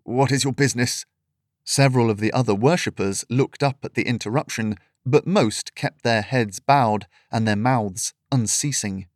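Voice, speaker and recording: A man reading a fantasy story aloud in steady, measured scripted narration. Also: medium pitch, no echo, studio quality.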